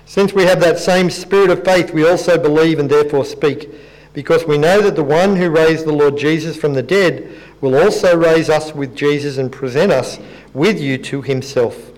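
Higher-voiced man preaching conversationally. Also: moderate pace, darkish tone, rough recording. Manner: conversational and self-deprecating, reads scripture aloud. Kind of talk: sermon.

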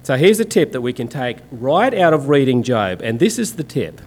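A man's voice: mid-range voice, very animated, moderate pace, darkish tone. A man preaching a sermon in an emphatic, sarcastic and colloquial way.

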